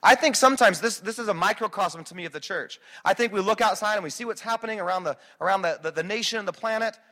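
A man preaching a sermon as a pastor, swinging between quiet reflection and loud, driving emphasis. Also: high voice, fast talker.

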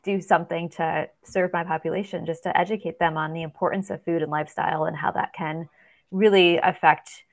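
A woman's voice: fairly low pitch, fairly even intonation, a little fast. A woman dietitian as a podcast guest, speaking earnestly with frequent ums. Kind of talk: podcast interview.

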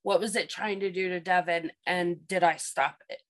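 A woman's voice: lowish voice, steady tone, moderate pace, rough recording. A woman telling a personal story in a casual chat, rambling and repeating herself with many fillers. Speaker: guest telling a paranormal experience.

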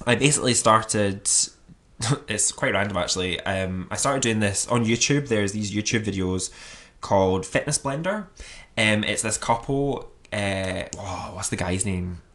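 A man co-hosting a podcast, chatting in an animated way, laughing often and using lots of fillers. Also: on the low side, unhurried. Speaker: podcast co-host. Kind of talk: casual chat.

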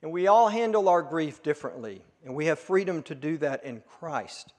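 A male pastor preaching a sermon, earnest and emphatic at peaks, then dropping to a hush. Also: on the high side, animated, normal speed. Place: church sanctuary. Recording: long reverb of a church hall.

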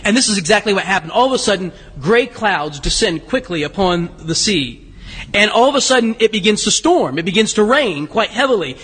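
High breathy-voiced pastor chatting through a sermon, long church echo. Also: male voice, animated, a little fast, fairly bright tone. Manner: conversational, asks the congregation questions, frequent restarts.

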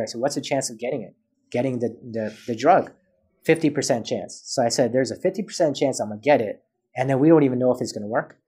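A man's voice: medium pitch, quick pace, mellow, husky. A man as a podcast guest, telling a personal story in casual chat and acting out both sides of past conversations.

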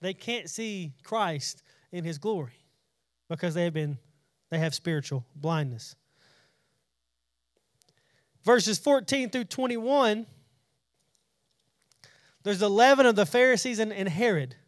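A man's voice: sits high, lively intonation, slow pace, pauses often, dry recording, clean studio sound. A man preaching a casual Bible study, talking conversationally, often repeating and restarting words, and paraphrasing scripture in everyday speech.

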